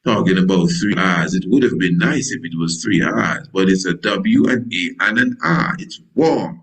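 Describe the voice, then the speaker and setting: A man's voice: sits low, animated, moderate pace, fairly bright tone, poor audio. A male priest preaching a sermon in a folksy, digressive way, full of wordplay, who acts out scripture dialogue in different voices.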